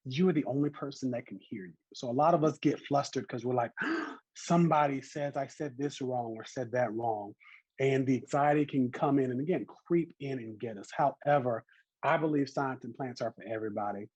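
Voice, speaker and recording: Lively Southern man teaching an online class. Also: medium pitch, a little fast, slightly rough, no room sound, lo-fi sound. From American South. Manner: lively, encouraging, chatty teacher. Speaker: botany class instructor.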